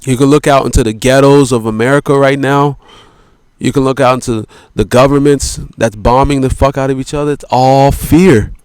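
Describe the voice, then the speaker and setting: A man with a smooth, resonant, mid-pitched voice holds forth in a rambling monologue. He swears freely, circles back on his points and slows down to stress words. The sound is dry and close, with no room echo. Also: steady tone, a little mellow. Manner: profane, repetitive, peppered with "you know" and "man".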